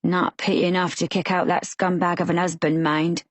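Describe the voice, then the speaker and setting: A woman voicing a big, simple man with a thick West Country accent who talks slowly and plainly. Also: lowish voice, level tone, dry recording, natural voice. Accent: West Country English. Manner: slow, plain, rustic speech.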